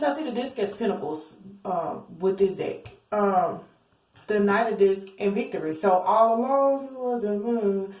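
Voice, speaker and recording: A woman's voice: fairly low pitch, darkish tone, slight background noise. A woman giving a casual tarot reading, chatty, blunt and profane, who acts out what other people say. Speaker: tarot card reader. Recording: roomy echo.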